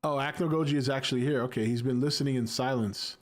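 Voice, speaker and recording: A laid-back man in his forties chats casually on a livestream. He reads viewer comments aloud and answers them with easy jokes, at a middle pitch. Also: steady tone, quick pace. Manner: laid-back, jokey, reacts to chat. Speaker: livestream host reading chat. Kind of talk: casual chat.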